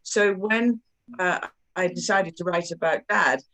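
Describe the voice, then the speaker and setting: Woman, children's author, effusive, animated, halting fillers, low-pitched. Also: poor audio. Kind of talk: book launch interview.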